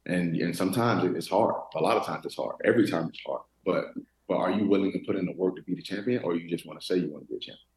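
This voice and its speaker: A man in his thirties, a former football player from Florida, telling stories in a relaxed interview with many restarts. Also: low voice, fast talker, echoey room, rough recording. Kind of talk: casual interview talk.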